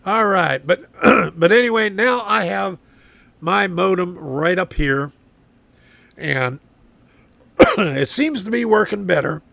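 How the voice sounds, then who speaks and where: A man hosting a live stream from his garage, rambling and complaining, repeating himself, slightly hoarse and clearing his throat. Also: sits high, lively intonation, slow pace, long pauses, bright, forceful tone, dry recording. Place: home garage workshop.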